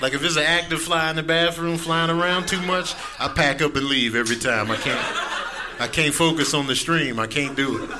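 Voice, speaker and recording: A middle-aged man doing a stand-up set, acting out his friends and sons in voices. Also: fairly quick. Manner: animated, acts out friends and family in high voices. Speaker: stand-up comedian. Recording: live club set with clear background noise.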